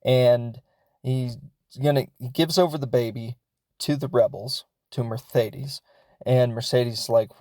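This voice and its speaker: A man's voice: mid-range voice, fairly even intonation, measured pace, dark tone, no echo. Rambly guy retelling a movie plot on his podcast, tons of "like" and "you know", laughs along, dry close sound. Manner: rambling and chatty, many fillers; laughs as he talks. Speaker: podcast host. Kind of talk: casual film recap.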